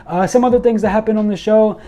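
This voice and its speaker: A young man excitedly recapping and commenting on a wrestling show, acting out quoted lines and using many fillers. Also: high voice, fast talker.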